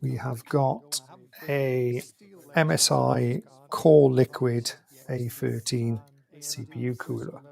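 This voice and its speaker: Building a PC on a live stream from home, this British man chats in a rambling way and often corrects himself. His mid-range voice is steady and a little mellow, with vocal fry, and he takes it slowly.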